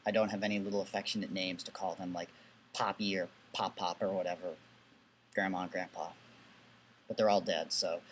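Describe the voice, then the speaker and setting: A man's voice: lowish voice, a little hiss or hum. A young man with a Southern New England accent, dropping his T's to glottal stops, answering questions in a casual vlog with dry, sardonic asides. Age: young adult.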